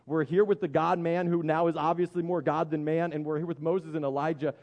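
A man voicing nervous male disciples who urgently hush their talkative friend. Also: fairly high pitch, level tone, a little fast, lo-fi sound, voice pushed up, natural voice. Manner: urgent hushing.

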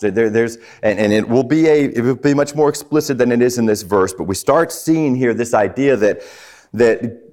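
A man's voice: medium pitch, darkish tone. A man preaching on a psalm, often stumbling and repeating words, and putting questions to his listeners. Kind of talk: sermon on a psalm.

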